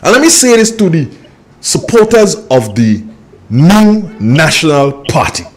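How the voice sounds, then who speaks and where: A man's voice: a little high, very animated, a little slow. A Grenadian man hosting a political radio talk show, scolding listeners and repeating points for emphasis.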